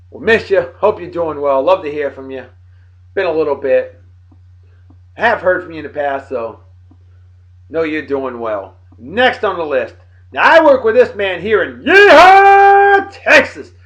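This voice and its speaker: A man, rambling and folksy as he gives birthday shout-outs to old friends. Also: fairly high pitch. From Martha's Vineyard, Massachusetts. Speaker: vlogger, beer and song of the day host. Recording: dull lo-fi home recording.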